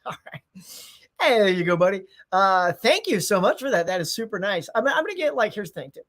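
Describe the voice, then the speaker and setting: A man's voice: high voice, big pitch swings, quick pace, fairly bright tone. Rambling, chatty man hosting a live stream. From United States. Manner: rambling, reads chat aloud, playful asides. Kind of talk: casual live-stream chat.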